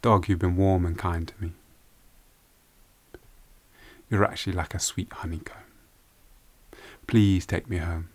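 A man voicing a young daughter, spoken softly and low with a scornful edge. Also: steady tone, normal speed, dry recording. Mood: pleading. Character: young daughter, sharp-tongued but longing for home.

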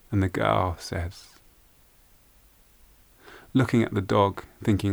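A man telling a folk tale aloud in an unhurried, hushed way, with repeated phrases. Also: on the low side, fairly even intonation, vocal fry. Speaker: storyteller. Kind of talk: oral folk-tale storytelling.

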